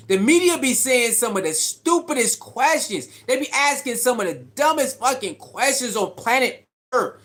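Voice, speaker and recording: A man delivers a heated sports rant in a high voice that swings widely up and down. He sounds exasperated and scolding, hammering his points again and again. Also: pushed and bright. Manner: ranting, exasperated, mocks critics in put-on voices. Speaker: sports commentary host.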